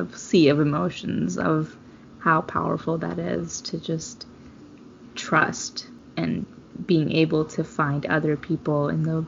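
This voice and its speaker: A woman's voice: low-pitched, vocal fry. A woman co-hosting a casual podcast, talking in an emotional, rambling way. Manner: emotional, rambling, laughs often. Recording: dull lo-fi sound with faint noise.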